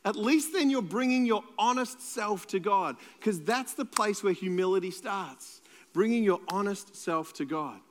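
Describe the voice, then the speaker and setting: A man's voice: sits high, expressive, unhurried, in a large hall, slight background noise. A man with an Australian accent, a pastor preaching a sermon in a conversational, playful way and joking with the congregation.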